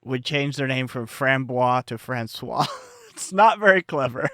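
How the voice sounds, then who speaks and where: A man chatting playfully on a podcast, quick to laugh. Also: mid-range voice, lively intonation, fairly bright tone, dry recording, studio quality. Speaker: podcast player. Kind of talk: casual chat.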